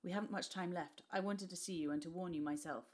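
Woman reading as a scared grave father, lowered urgent voice, quiet and soft. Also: fast talker, natural voice. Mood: urgent hushed. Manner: urgent, hushed, trembling. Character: frightened Tudor father, grave and weary.

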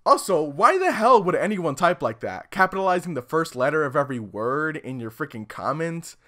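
A man giving comedic commentary on gaming clips in a sarcastic tone. He slides from dry remarks into loud, high outbursts, and his pitch is lively throughout. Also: normal speed, few pauses.

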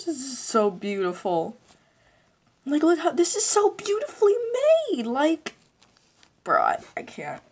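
A young woman hosting a casual unboxing vlog, gushing and excitable, gasping and saying "like" a lot. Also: high voice, a little slow, husky. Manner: gushing and excitable, with gasps and many "like"s. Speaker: channel host.

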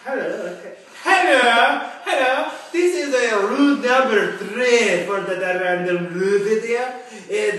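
High-voiced guy goofing through joke rules, mock stern and giggly, far off in a super echoey room. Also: a bit bright. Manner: playful, giggly, mock-stern rule giving. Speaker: youth group rule video presenter. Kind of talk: goofy improvised comedy skit. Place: moving between rooms of a church building. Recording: roomy echo, far from the camera mic, faint room hiss.

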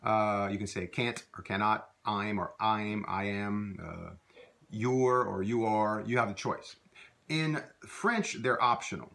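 A man's voice: on the low side, takes it slowly, creaky. Man teaching. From Louisiana. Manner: relaxed, rambling, many fillers and restarts. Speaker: French language teacher. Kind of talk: casual spoken lesson.

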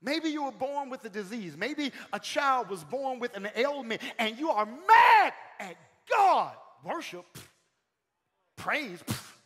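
A male pastor preaching a sermon in a church, calling out to the congregation, swinging from shouted peaks to sudden quiet lines. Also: very high voice, sing-song, a little slow, hardly any pauses. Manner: calls out to the congregation. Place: church sanctuary. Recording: long hall reverb.

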